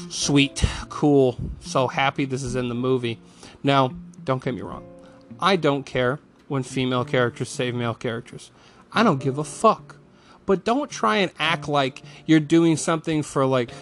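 A man ranting angrily about a movie, swearing often and mocking the studio with put-on quotes. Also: a little high. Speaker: film reviewer.

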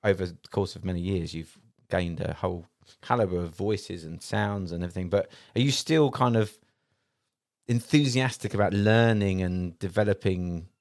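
A podcast host with a very deep, gravelly voice asks rambling questions. The sound is dry and close, and the chat is casual. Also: male voice, normal speed, darkish tone, dry recording.

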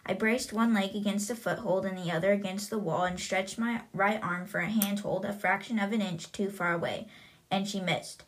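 A woman's voice: medium pitch, steady tone, moderate pace, slight background noise. A young woman hosting a podcast, casually retelling a book's plot in a chatty way with many fillers. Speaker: podcast host.

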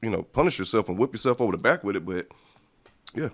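A man's voice: on the low side, expressive, fast talker. A man co-hosting a podcast who talks casually and rambles, hedging his points and swearing now and then. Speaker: podcast co-host. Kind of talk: casual political chat.

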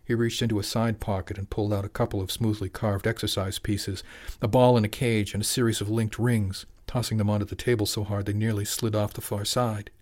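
A man narrating an audiobook in an even, measured storytelling voice. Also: lowish voice.

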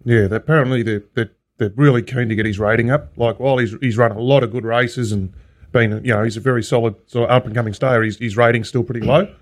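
A man's voice: medium pitch, fairly even intonation, fast. An Australian man chatting on a racing podcast, rambling and repeating himself as he tells stories. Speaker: podcast co-host. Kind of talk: casual storytelling chat.

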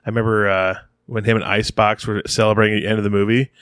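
A man co-hosting a casual podcast chat, easygoing and quick to laugh. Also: fairly low pitch, flat delivery, fairly bright tone, smooth, no room sound, studio quality. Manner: easygoing, laughs often, agrees readily. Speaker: podcast co-host.

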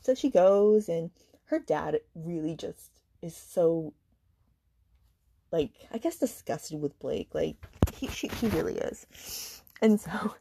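A woman's voice: on the low side, lively intonation, creaky, dark tone, slightly rough. A woman hosting a book podcast, retelling a story in a casual, exasperated and sarcastic rant full of fillers and swearing. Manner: fast retelling with many fillers.

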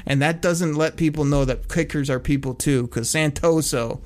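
A sports podcast co-host rants about football on a casual talk show, full of sarcasm and frequent laughter. His voice is fairly high and he speaks at a normal speed.

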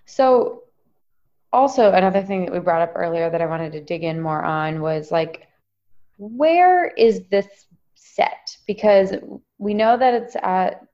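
A woman's voice: medium pitch, big pitch swings, measured pace, dark tone, lo-fi sound. A woman co-hosting a casual movie-review chat, talking hesitantly with many fillers. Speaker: podcast co-host.

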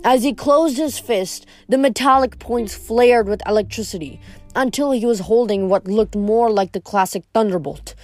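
A woman reading a novel aloud in first person, steady, with the odd stumble over a word. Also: on the high side, normal speed, no echo, soft background music. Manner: steady first-person storytelling with small slips. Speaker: reader.

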